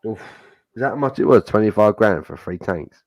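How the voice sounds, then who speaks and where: A man's voice: lowish voice, lively intonation, fairly quick. A man chatting on a beer livestream, cracking jokes and laughing at the others. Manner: laughing, jokey asides. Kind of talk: casual drinking chat.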